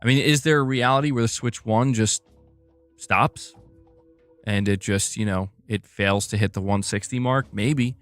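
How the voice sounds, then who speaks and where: A man's voice: fairly low pitch, normal speed, fairly bright tone, dry recording, faint music behind. A man hosting a casual live stream about video game news, chatting loosely and reacting to his chat with frequent laughs.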